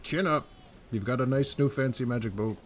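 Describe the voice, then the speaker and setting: A man voicing an ancient, gentle, grandfatherly skeleton in a tabletop role-play, talking in a wistful, measured way. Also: medium pitch, a little hiss or hum, natural voice. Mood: encouraging.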